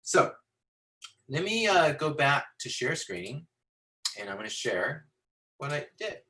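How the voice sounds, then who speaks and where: A man teaching storytelling to visual artists, animated and rambling with many fillers and restarts, talking into a computer on a video call. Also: on the high side, measured pace, rough recording. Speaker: storytelling instructor. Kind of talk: lecture with acted-out anecdote.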